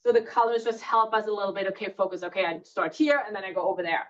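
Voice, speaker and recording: A woman giving a relaxed German class to parents, pausing on filler words and pronouncing each German word slowly and carefully. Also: mid-range voice. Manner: relaxed, many fillers, slow deliberate pronunciation of German words. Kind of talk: casual classroom lesson. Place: school classroom. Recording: distant, muffled classroom recording.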